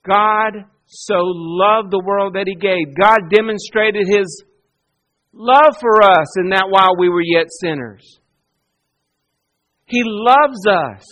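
High-pitched guy preaching slow, earnest, goes soft then punchy. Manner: earnest preaching, swings from soft hush to emphatic. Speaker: pastor. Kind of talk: sermon.

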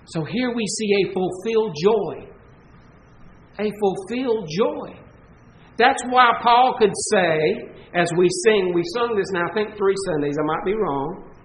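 A man's voice: sits high, moderate pace, fairly bright tone, echoey room, a little hiss or hum, rough recording. A man preaching a sermon to his congregation in an earnest, conversational way, asking them questions, his voice giving out. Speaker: pastor. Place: church sanctuary.

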